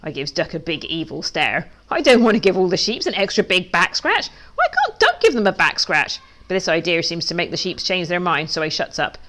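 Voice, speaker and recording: A woman's voice: lowish voice, fairly quick, few pauses. Woman reading a children's story aloud. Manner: lively, playful read-aloud. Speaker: children's author.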